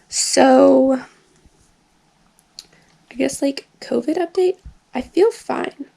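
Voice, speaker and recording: A woman's voice: high voice, extremely slow, gravelly, long pauses. A young woman recording a casual video diary in her bedroom while recovering from an illness, rambling with lots of "like" and "um". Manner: rambling, full of "like" and "um" fillers. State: recovering from illness, tires easily. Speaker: vlogger. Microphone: camera filming herself.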